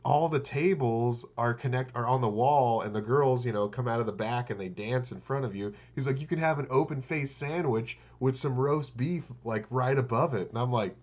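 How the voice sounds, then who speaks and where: A man's voice: mid-range voice, moderate pace, few pauses, darkish tone. Casting: man, podcast co-host, casual rambling storyteller who acts out quotes. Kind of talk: casual chat.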